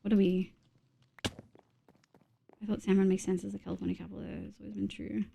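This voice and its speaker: A young woman from Australia chatting casually on a gaming livestream, swearing often and reacting loudly to scares. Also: mid-range voice, little pitch movement, moderate pace, vocal fry. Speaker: streamer.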